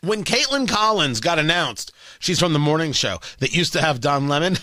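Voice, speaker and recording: A brash man holds forth on his talk radio show, his high voice swinging widely as he fires off sarcastic rhetorical questions. His tone is bright and sharp, close and dry on a studio microphone, with no room around it. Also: lively intonation, moderate pace, no room sound. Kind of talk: opinionated talk radio monologue.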